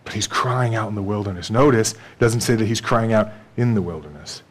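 A man's voice: on the low side, a little fast, breathy edge. A man preaching a sermon in a conversational way, acting out bits of dialogue and laughing with the congregation. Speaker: pastor.

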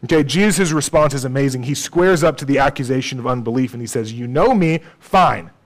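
A man's voice: mid-range voice, fast. A man preaching a sermon in a conversational way, often checking in with "okay?" and "right?".

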